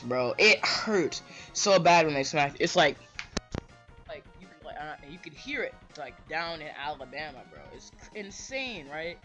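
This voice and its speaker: A man ranting casually to camera, rambling and tagging his sentences with "bro" and "right?". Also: a little high. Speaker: vlogger. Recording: dull lo-fi mic with faint music.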